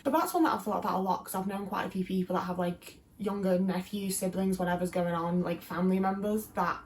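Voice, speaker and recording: Fast and a little mellow, her mid-range voice carries a casual YouTube chat to camera. The young Englishwoman rambles with many fillers, her accent a Midlands-Liverpool mix.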